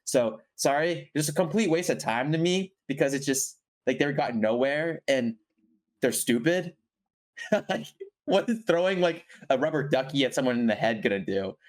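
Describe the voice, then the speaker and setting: A man's voice: mid-range voice, animated, normal speed. Rambling young-sounding man reviewing a film. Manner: rambling, frequent fillers and self-corrections. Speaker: podcast co-host reviewing a film. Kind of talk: casual chat.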